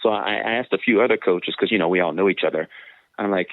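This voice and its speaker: Lowish guy, lively storyteller, ex sprinter, sounds like a phone line, dry. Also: quick pace, no echo. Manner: animated, acts out quoted voices with big pitch jumps. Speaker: guest, former sprinter. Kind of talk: casual storytelling in an interview.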